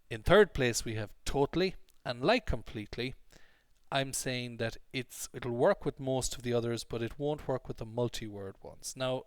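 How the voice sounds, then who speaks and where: A man's voice: mid-range voice, dry recording. Emphatic English teacher, man, dry close sound. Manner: clear, emphatic teaching with repeated examples. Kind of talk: explanatory online lesson.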